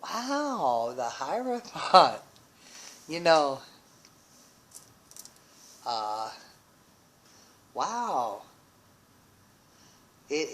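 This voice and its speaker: Slow, musing tarot reader. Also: medium pitch, a little hiss or hum, poor audio. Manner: musing, with frequent exclamations of wonder; thinks aloud with restarts and pauses. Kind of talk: tarot card reading.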